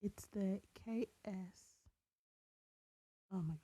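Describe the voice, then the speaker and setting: A young woman co-hosting a podcast in casual chat, rambling as she searches for details, often dropping into breathy asides. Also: mid-range voice, slow pace, mellow, no room sound, low-quality recording. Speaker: podcast co-host.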